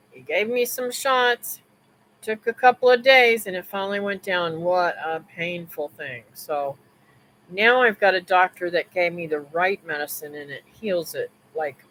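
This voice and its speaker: A woman's voice: fairly low pitch, a bit bright, slight background noise, low-quality recording. A woman hosting a live stream, telling a personal story in a casual, rambling way with restarts, asides to viewers and religious remarks.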